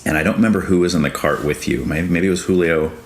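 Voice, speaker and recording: Podcast host, male, deep voice, animated storyteller who laughs a lot; roomy recording. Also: quick pace. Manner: laughs often, animated when telling stories. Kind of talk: casual interview chat, storytelling. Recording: roomy with faint noise.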